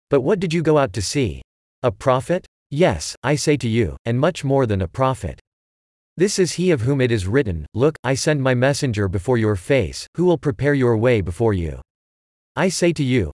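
A man giving a steady, measured scripted reading of scripture. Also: mid-range voice, dry recording, clean studio sound. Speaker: scripture reader.

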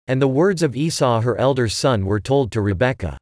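A man reading scripture aloud in a measured, even delivery. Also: mid-range voice, no room sound, studio quality. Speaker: scripture reader.

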